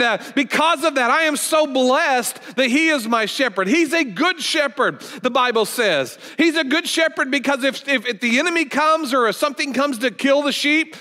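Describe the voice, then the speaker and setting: Middle-aged guy preaching, folksy storytelling, kinda high voice, lots of hall echo. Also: sharp tone. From United States. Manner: conversational, folksy storytelling with restarts. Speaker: guest pastor. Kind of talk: sermon. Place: church sanctuary. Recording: long church hall reverb.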